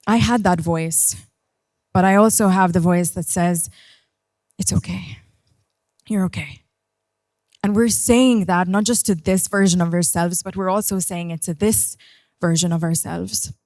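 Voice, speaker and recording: A woman's voice: lowish voice, steady tone, normal speed, darkish tone, no room sound, studio quality. A woman giving a personal keynote talk as a coach, speaking in an earnest, reflective way and guiding the audience through breathing.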